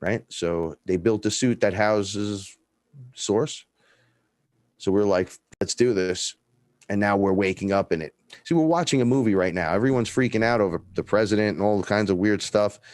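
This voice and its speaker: A man's voice: on the low side, moderate pace, no room sound, studio quality. A man telling stories in a casual, profane chat, acting out the dialogue. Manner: profane, animated, acts out dialogue in his stories. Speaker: guest.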